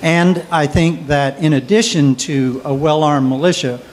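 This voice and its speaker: A man from the audience giving a measured, opinionated comment in a public debate. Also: fairly high pitch. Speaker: audience member.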